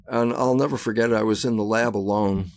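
An older man, a guest in an interview, telling lively anecdotes and acting out the voices in them. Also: lowish voice, quick pace. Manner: animated storyteller who acts out voices and laughs at his own anecdotes. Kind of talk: casual interview storytelling.

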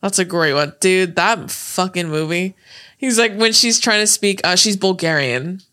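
A young woman co-hosting a relaxed podcast, talking casually and often cutting in with movie quotes. Her voice is bright and sharp, her talk loose and peppered with swearing and laughter. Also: on the low side, moderate pace. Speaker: podcast co-host. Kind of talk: casual chat.

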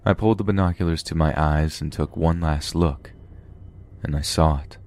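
Very deep-voiced man narrating horror stories. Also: normal speed, darkish tone. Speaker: podcast host and narrator. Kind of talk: scripted horror story narration.

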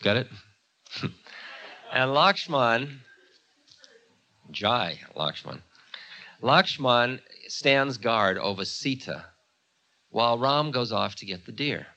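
A man's voice: medium pitch, big pitch swings, takes it slowly, long pauses, sharp tone, muffled recording. A man from the United States telling an old story in a chatty way, full of asides. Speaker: spiritual teacher. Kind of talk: storytelling talk.

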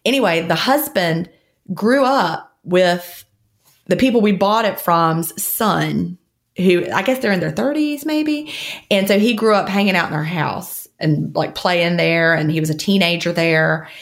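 A woman's voice: fairly low pitch, unhurried. A woman co-hosting a podcast in casual chat, rambling and laughing often as she talks. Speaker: podcast co-host.

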